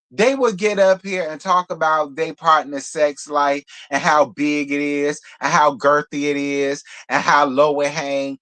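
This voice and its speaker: Sassy, blunt man reviewing reality TV. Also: fairly high pitch. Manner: sassy, blunt and profane, animated asides. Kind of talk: casual live commentary.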